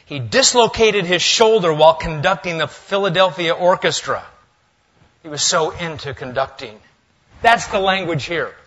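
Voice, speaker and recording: A male pastor preaching a sermon in a church, lively and swinging between loud, emphatic lines and hushed asides. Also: a little high, normal speed, lo-fi sound. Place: church sanctuary.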